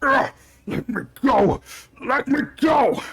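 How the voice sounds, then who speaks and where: A man's voice: extremely high pitch, lively intonation, slow pace, creaky, husky, pitched above the performer's own voice, heavily acted. A man voicing a wounded masked male cultist, crying out in frantic pain. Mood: panicked. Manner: frantic shouting and pained cries.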